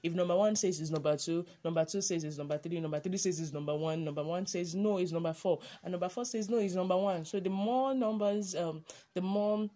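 Podcaster rambling on solo, lots of ums and restarts, mid pitch, easygoing. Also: fairly quick, mellow. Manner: chatty, rambling, many ums and self-corrections, laughs often. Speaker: podcast host. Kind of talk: casual monologue reminiscing.

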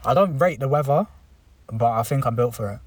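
A man's voice: medium pitch, lively intonation, fairly quick, no echo, distant mic. A young man, co-hosting a podcast in casual chat, laid-back and slangy, swearing freely, recorded inside a car. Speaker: podcast co-host.

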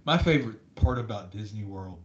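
A man's voice: lively intonation, fairly quick, highs cut off. A man from the American South co-hosting a podcast in casual chat, rambling through his stories with lots of restarts and ums. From Southern United States. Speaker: podcast co-host. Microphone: desk microphone. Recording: echoey room with faint rumble.

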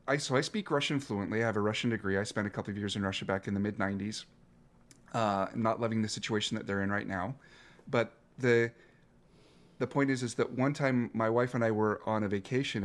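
A man in his fifties, a coach, speaking earnestly and reflectively as an interview guest, often restarting his phrases. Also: lowish voice. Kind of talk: interview guest telling a story.

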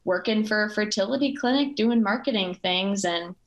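A woman's voice: medium pitch, normal speed. A woman in her twenties, a guest on a casual podcast, talking in a giggly, self-deprecating way. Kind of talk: casual chat.

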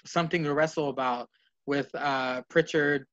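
High-voiced man on a lo-fi podcast. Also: steady tone, normal speed, a bit bright. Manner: rambling, profane, acts out wrestlers' lines. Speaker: podcast co-host. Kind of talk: casual chat, wrestling fantasy booking. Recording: dull lo-fi podcast audio.

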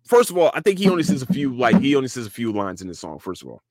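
A man hosting his own podcast, talking loosely and profanely. His voice sits at an ordinary middle pitch. He is recorded on a close mic in a dry room with no reverb. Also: rapid-fire. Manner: animated, profane, repeats and restarts a lot. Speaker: podcast host. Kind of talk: casual solo podcast rant.

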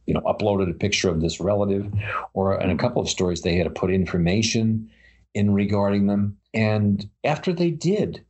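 A man's voice: low voice, darkish tone, husky. A man co-hosting a casual chat about paranormal stories, rambling with many fillers and restarts. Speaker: podcast co-host.

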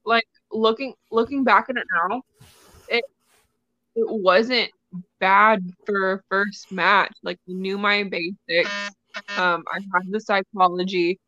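A young woman, a wrestler, telling stories in a casual interview with lively giggles. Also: medium pitch, takes it slowly, no room sound, dull audio. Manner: animated storytelling, giggly. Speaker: wrestler guest.

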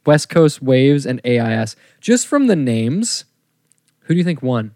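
A man co-hosting a casual podcast in a mid-pitched voice. He sounds deadpan as he reads from a list and sets up jokes. The recording is dry and close. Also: unhurried, no echo. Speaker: podcast co-host. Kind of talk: casual chat.

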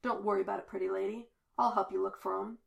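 A woman voicing a cocky, smooth-talking blond man with a swaggering, flirtatious manner. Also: medium pitch, steady tone, fast. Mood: flirty.

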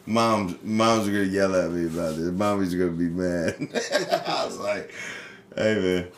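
A man hosting a casual chat, telling baseball stories with lots of swearing and animated energy. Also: low-pitched, measured pace, roomy sound, slight background noise. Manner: profane, animated storyteller. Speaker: podcast host.

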